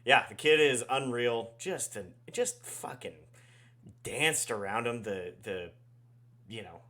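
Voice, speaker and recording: A man's voice: mid-range voice, slow pace, fairly bright tone. A man co-hosting a hockey podcast in casual chat, laid-back, swearing often and trailing off mid-sentence. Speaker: podcast co-host.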